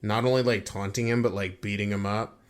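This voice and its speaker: Rambling young man with a low voice. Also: fairly even intonation, clean tone. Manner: rambling, halting with many fillers. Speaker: podcast co-host. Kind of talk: casual chat recapping a video game.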